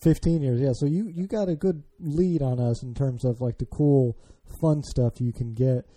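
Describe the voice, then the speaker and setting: A man's voice: mid-range voice, moderate pace, a crowd in the background. A man from the United States hosting a podcast, chatting casually and stumbling over his words. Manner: stammering, restarts words. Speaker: podcast host.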